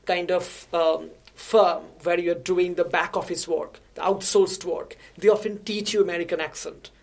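A woman from India speaks as a guest in a relaxed interview. She explains things carefully and patiently, often pausing to restart her sentences. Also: fairly low pitch, gravelly. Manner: measured, explanatory, with frequent restarts. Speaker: guest researcher. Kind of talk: conversational interview.

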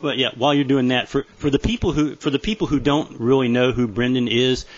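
A man's voice: medium pitch, a little fast, no echo. A man hosting a podcast interview, conversationally filling in background for listeners. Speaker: podcast host. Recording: dull lo-fi audio.

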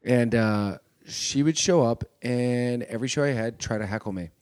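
A man, a stand-up comedian, telling stories in casual chat and acting out quotes loudly. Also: medium pitch, moderate pace. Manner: animated storytelling, acts out quotes loudly.

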